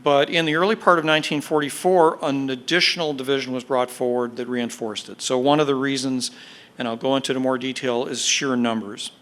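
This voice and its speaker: A military historian appears as a guest speaker in a podcast lecture, addressing an audience. His medium-pitched, bright, forward voice keeps a fairly even intonation as he explains in a measured, deliberate way, stressing key words and using the odd filler.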